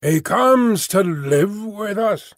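A hunched creature growls out a law from the dark in a slow, commanding sing-song, put on by a man. The voice is thick, with a strange whistling overtone, pitched a little high. It sounds dry and close, like a storybook reading. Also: expressive, dry recording. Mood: intoning. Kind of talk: audiobook character voice.

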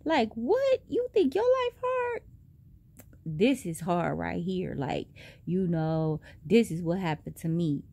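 A young woman telling a story in a casual vlog, animated and profane, with big jumps in pitch. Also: slow, vocal fry, no room sound. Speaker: vlogger.

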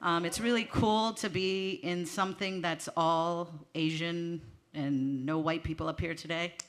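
A woman with a fairly low, fairly even voice speaks a little slowly over slight background noise. She's doing stand-up on a small theater stage before a live audience, chatting nervously into a handheld mic and laughing at herself.

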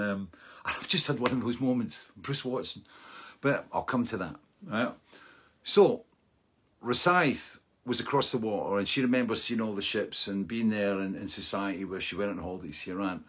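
A middle-aged man hosting a live-streamed show, telling a rambling, animated anecdote with frequent laughs and asides. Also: on the low side, husky. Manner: rambling and animated, laughing often and tagging lines with "right?". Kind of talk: casual anecdotal storytelling.

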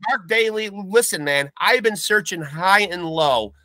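A man's voice: high voice, animated, unhurried, bright, forceful tone, dry recording. A man hosting a comedic podcast with hammy, bombastic showman patter. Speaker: podcast host.

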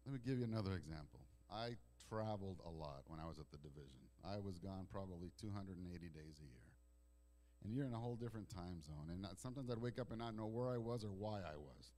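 Man preaching with dramatic loud-soft swings. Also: sits low, animated. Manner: dramatic swings between loud declarations and hushed, slow passages; repeats words and restarts phrases. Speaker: pastor. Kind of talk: sermon. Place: church sanctuary.

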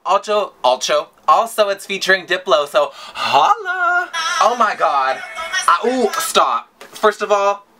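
A man's voice: high voice, sharp tone. A young man hosting a music video reaction, gushing and rambling with self-mocking asides. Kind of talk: excited reaction chat. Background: song playing faintly.

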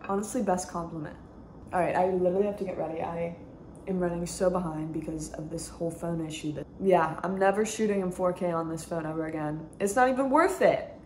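A young woman chatting casually to camera in a rushed, excitable vlog about her day. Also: lowish voice, a little hiss or hum. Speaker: vlogger. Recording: echoey room.

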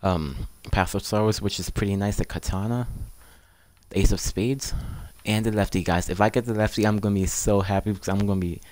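A man's voice: on the low side, steady tone, a little fast, a little mellow. A man hosting his gaming channel. He chats casually, keeps calling viewers "guys", and pleads eagerly for the items he wants. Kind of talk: casual game commentary.

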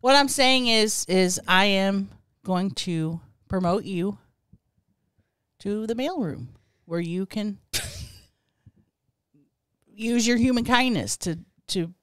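Smug deadpan male exec, played by a woman in a comedy bit, mock-stern, dry close voice. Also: mid-range voice, takes it slowly, long pauses, smooth, dry recording, close to an everyday voice. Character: smug male boss posing as a customer. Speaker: podcast co-host. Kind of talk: improvised comedy sketch.

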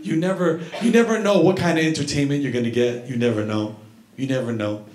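A man's voice: medium pitch, brisk. A man doing a stand-up comedy set, telling stories animatedly and acting out scenes on a club stage. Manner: animated storytelling, acts out scenes. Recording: echoey club, audience laughter.

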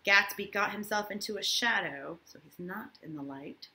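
A woman's voice: mid-range voice, normal speed, pushed and bright. A woman teacher reading a novel aloud to her class and breaking off for casual asides, often checking in with "right?".

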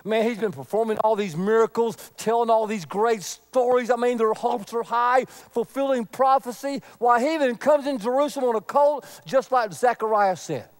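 A man preaching a sermon, earnest, swinging from loud emphasis to a near whisper. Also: very high-pitched, normal speed, hardly any pauses. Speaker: pastor.

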